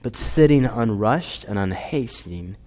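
A man preaching a sermon as a pastor, earnest, rising to emphatic points and dropping to soft, quiet lines. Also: lowish voice, lively intonation, a little slow. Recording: long reverb of a hall.

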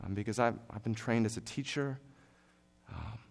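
Speaking at a normal speed in a creaky, low-leaning voice, a young preacher delivers a sermon. His tone is earnest and conversational, with fillers, and it rises into forceful exhortation.

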